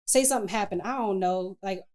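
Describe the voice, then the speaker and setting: A woman's voice: medium pitch, fairly quick. A woman spoken word poet, a guest on an interview show, talking candidly and colloquially about her work. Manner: candid, colloquial, expressive storyteller. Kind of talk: casual interview chat.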